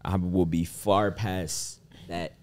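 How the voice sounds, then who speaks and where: A man's voice: sits low, fairly even intonation, takes it slowly, a little mellow. A man in his twenties, co-hosting a podcast, talking earnestly and reflectively in casual chat. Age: 20s. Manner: earnest, reflective, often asks "you feel me?". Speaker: podcast co-host.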